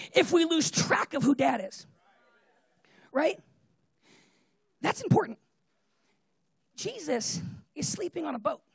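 Casual preacher, high and gravelly, chatty and animated, tags lines with "right?". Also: dry recording. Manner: animated, fillers of "like" and "right?", often laughs. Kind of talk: casual conversational sermon with personal stories.

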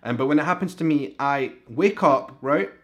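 A man's voice: fairly high pitch, expressive, normal speed, highs cut off. A man from Scotland with an Edinburgh accent, hosting his podcast and telling a personal story in a casual, chatty way. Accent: Scottish, Edinburgh. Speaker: podcast host.

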